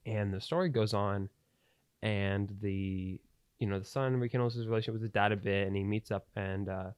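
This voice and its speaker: A man's voice: on the low side, fairly even intonation, normal speed, clean tone, dry recording. A young man hosting a podcast, telling a long story in a rambling way with plenty of fillers and restarts. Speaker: podcast host. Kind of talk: casual storytelling. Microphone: studio podcast mic.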